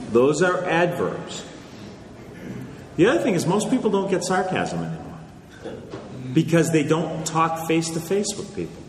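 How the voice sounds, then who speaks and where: A male author answering audience questions in a conversational, lecturing way, often checking in with "okay?". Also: medium pitch. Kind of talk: live Q&A talk. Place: large hall with audience. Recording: echoey hall, faint noise.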